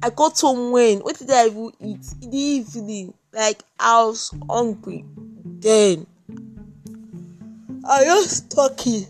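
A young Nigerian-accented woman hosts her own podcast just after waking up, her voice on the high side with a darkish tone and a measured pace. Faint music plays behind her casual solo monologue, which is rambling, chatty and full of "like."

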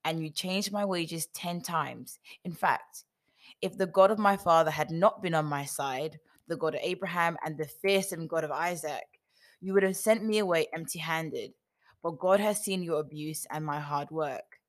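A worn, aggrieved herdsman, read by a woman defiantly counts up his years of hard work. The voice is low and close to a plain storybook reading. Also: normal speed, lightly acted.

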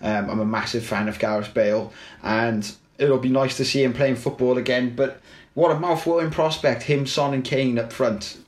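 A man talks football on a casual podcast in a mid-range voice. He is opinionated and easygoing, often pausing with fillers and restarting his sentences. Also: medium pitch, fairly even intonation. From Wales. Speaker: podcast co-host.

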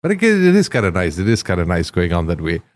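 A man's voice: low-pitched, huge pitch swings, quick pace, no room sound. A man hosting a podcast, chatting loosely and jokingly with slang. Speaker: podcast host. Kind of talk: casual interview chat.

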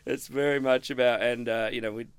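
A middle-aged man tells rambling stories on a podcast. His voice sits at a middle pitch for a man. It is recorded close and dry. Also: steady tone, brisk, clean tone, no room sound. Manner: chatty, rambling storyteller who acts out quoted dialogue. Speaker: podcast guest. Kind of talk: casual storytelling interview.

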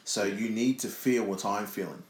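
A man's voice: fairly low pitch, moderate pace. A man co-hosting a podcast, chatting casually with a crude, rambling sense of humour. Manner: rambling, restarts often, crude joking. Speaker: podcast co-host. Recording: roomy echo.

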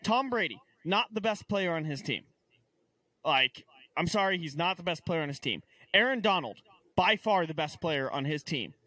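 A young man rants through a casual sports chat, exasperated and tripping over his own restarts. His voice sits high and bright, swinging widely in pitch. The sound is dry and close. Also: animated, normal speed, dry recording. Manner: ranting, exasperated, stammering restarts. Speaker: podcast co-host.

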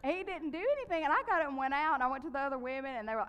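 Woman preacher, lively testimony, higher voice, echoing hall. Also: rapid-fire. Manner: animated storytelling, laughs often. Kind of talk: sermon with personal testimony.

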